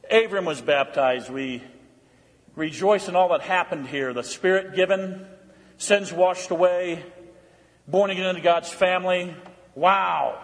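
High-voiced pastor guy preaching, blunt and emphatic, loud then hushed, long church reverb. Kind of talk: sermon.

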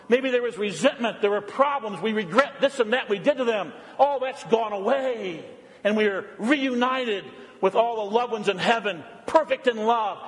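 A male pastor delivers a sermon in a high-pitched voice. He swings from animated, raised lines to near-hushed ones. The sound carries a long reverb, as in a large hall.

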